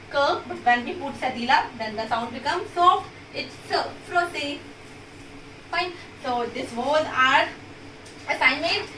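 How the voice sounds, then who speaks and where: A woman teacher with an Indian English accent, speaking high and bright as she patiently walks students through each step and repeats words slowly. She sounds echoey, set back from the mic in a room with audible reverb. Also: far from the mic, slight background noise. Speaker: school French teacher. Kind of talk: recorded online class lesson.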